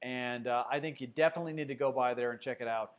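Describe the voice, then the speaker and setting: A man's voice: medium pitch, fairly even intonation, fast talker. A man hosting a casual sports livestream, reading viewer comments aloud and chatting loosely, with plenty of fillers. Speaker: sports show host. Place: Denver.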